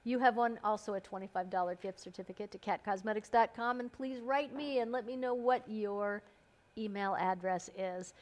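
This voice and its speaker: A woman's voice: medium pitch, moderate pace. A woman hosting a live stream, chatting casually and bubbly as she calls out giveaway winners by name. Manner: bubbly, chatty, playful emphasis on names. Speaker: host.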